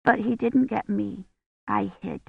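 A woman's voice: medium pitch, unhurried, gravelly, slightly rough, no echo, pitched above the performer's own voice, exaggerated voice. A woman voicing a frightened, tearful little girl with a quavering, childlike voice. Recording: dry, tinny phone-like sound.

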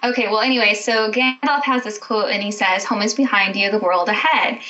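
A woman's voice: medium pitch, brisk, pushed and bright. Young woman, hedging casual chat. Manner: hedging, thoughtful, self-correcting. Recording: dull lo-fi sound with faint noise.

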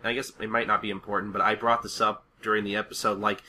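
A man's voice: on the low side, little pitch movement, fast talker, pushed and bright. A man co-hosting a casual podcast, recapping a cartoon episode in a loose, rambling way with plenty of swearing and laughter. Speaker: podcast co-host.

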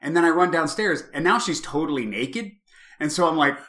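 Animated, swearing man telling a story. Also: fairly high pitch, a little fast, echoey room. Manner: animated, profane, swings to shouting in retold moments. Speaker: podcast co-host. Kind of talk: casual storytelling.

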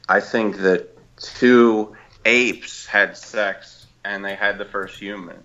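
A man with a bright, forceful voice chats on a podcast, hedging his answers and tossing back playful questions. His recording sounds dull and muffled, as if the high end is cut off. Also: fairly even intonation, slow. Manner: hesitant, playful, asks questions. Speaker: podcast co-host. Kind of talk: casual podcast chat.

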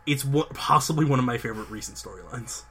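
A young man hosting a podcast, telling a long story with excitement, lots of fillers and restarts. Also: mid-range voice, fast talker, slight background noise. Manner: enthusiastic, rambling storytelling with many fillers and restarts. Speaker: podcast host. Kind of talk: casual chat.

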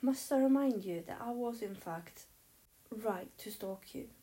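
A woman playing an earnest teenage boy in a storybook, blunt and impatient. The voice is a touch brighter than the narration while staying warm and mellow. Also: medium pitch, fairly even intonation, moderate pace, natural voice. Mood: exasperated. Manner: blunt, impatient, stammering when flustered.

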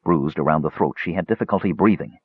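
A man narrating a fantasy story in a dramatic, expressive reading. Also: very deep voice, fast, husky, no echo, phone-quality sound. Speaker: audiobook narrator.

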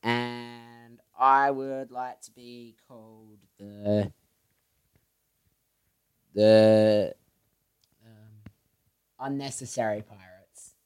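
A man's voice: mid-range voice, steady tone, very slow, long pauses, clean tone, no room sound. A young man co-hosting a casual podcast chat, rambling through silly jokes and laughing often. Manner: rambling, jokey, giggly. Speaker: podcast co-host. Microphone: podcast microphone.

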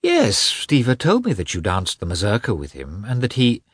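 A gentle, attentive married woman in a storybook reading, spoken softly and at an unhurried pace, as a man takes her part. The voice sits low and husky, with a dry, close sound. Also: wildly swooping pitch, dry recording, exaggerated voice. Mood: gentle, warm.

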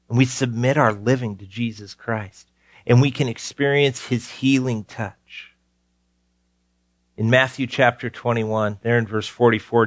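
The sermon comes from a pastor who speaks earnestly, driving points home by repeating key phrases and moving between mounting urgency and hushed low tones. There is no echo, just clean studio sound.

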